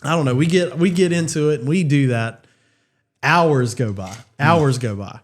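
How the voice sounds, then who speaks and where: A man co-hosting a casual podcast, telling a funny story and laughing through it. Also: mid-range voice. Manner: laughing through anecdotes, quick asides. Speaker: podcast co-host, youth leader.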